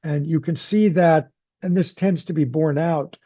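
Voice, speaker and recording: A psychologist giving a research lecture at grand rounds, in a measured, deliberate way with frequent pauses and fillers. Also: male voice, on the high side, dark tone, no room sound. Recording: dull, muffled lecture audio.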